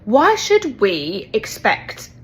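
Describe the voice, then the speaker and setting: A British woman chatting to camera in a casual monologue. She compares habits with amused exasperation, chatty and quick to tease. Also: fairly high pitch, huge pitch swings. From United Kingdom.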